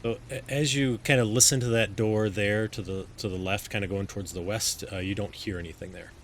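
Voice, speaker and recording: Male GM, deep voice, halting, filler-heavy narration of a tabletop game. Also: fairly even intonation, a little hiss or hum. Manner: hesitant, many ums and restarts. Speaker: game master.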